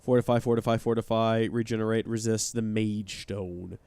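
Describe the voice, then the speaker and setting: A man's voice: lowish voice, steady tone, moderate pace, a little mellow, clean tone, no room sound. A man chatting and joking while playing a game live, talking to his viewers. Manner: chatty, joking, reads chat aloud. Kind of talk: live let's-play commentary.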